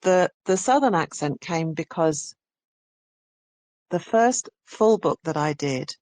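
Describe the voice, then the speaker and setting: A woman's voice: lowish voice, expressive, slow pace, darkish tone, dry recording. A woman audiobook narrator from England, talking enthusiastically in an interview. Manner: enthusiastic, restarts phrases. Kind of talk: conversational interview.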